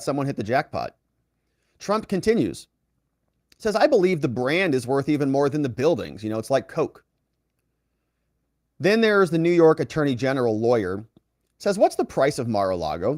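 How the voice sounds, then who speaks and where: A man working as a legal commentator, reading out courtroom testimony and lifting his voice for quoted lines, with quick asides to the viewer. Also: medium pitch, no room sound, studio quality. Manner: reads quoted dialogue in a raised, lively voice.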